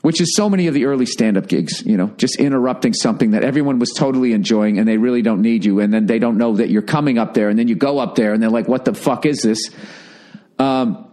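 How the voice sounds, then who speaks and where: A stand-up comedian telling a profane anecdote, ranting indignantly with heavy swearing. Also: male voice, mid-range voice, quick pace, dark tone.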